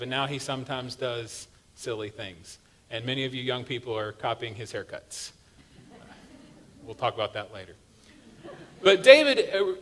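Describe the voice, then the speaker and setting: A man preaching from the pulpit, his voice a little higher than most men's. He retells the story in a loose, conversational way and slips in light humor. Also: fairly bright tone. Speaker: pastor. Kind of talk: sermon. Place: church sanctuary.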